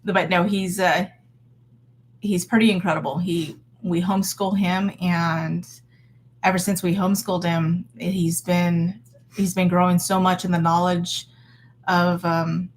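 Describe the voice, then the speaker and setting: Unhurried and low-voiced with little pitch movement, a vlogger in her thirties talks casually about faith. She encourages her audience earnestly, though her speech is full of fillers and restarts, and there's slight background noise.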